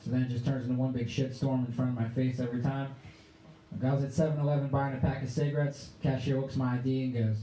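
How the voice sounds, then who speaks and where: A man's voice: medium pitch, flat delivery, fast talker, mellow, reverberant, rough recording. A man in his twenties from the Pittsburgh area performing a sarcastic, ranting stand-up set. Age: 20s. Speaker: stand-up comedian. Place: comedy club stage.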